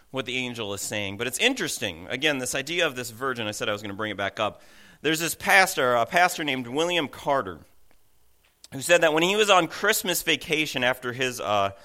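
A middle-aged man, a pastor, preaching a sermon in a relaxed, conversational way with self-deprecating asides and frequent restarts. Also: mid-range voice.

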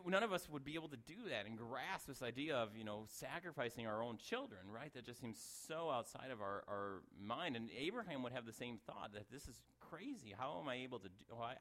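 Middle-aged male pastor, casual sermon delivery, rambling asides, mid pitch. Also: expressive, fast talker, fairly bright tone. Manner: conversational, self-interrupting, chuckles at own asides.

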